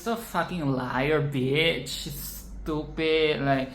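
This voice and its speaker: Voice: mid-range voice, very slow, few pauses, a little hiss or hum. Dramatic, profane film-reaction vlogger. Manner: dramatic, animated and profane, repeats phrases for emphasis. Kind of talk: casual film commentary. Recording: roomy echo with faint ambience.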